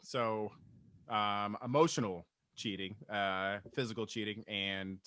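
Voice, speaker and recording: A man's voice: lowish voice, fairly even intonation, slow pace, pushed and bright. A man co-hosting a podcast in casual comedic chat, rambling through stories and swearing freely. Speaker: podcast co-host.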